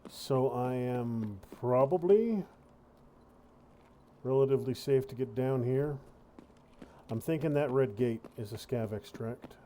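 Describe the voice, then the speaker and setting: Guy mumbling dry jokes while he plays a shooter, mellow low-key voice, faint background noise. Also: slow pace, pauses often. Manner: wry, muttering to himself. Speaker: gaming video host. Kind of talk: casual gameplay commentary.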